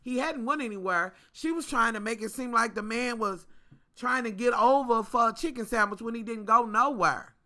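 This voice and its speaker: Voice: medium pitch, normal speed, sharp tone. A vlogger, ranting in a sassy, profane way straight to the viewers in a casual storytime. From Kentucky.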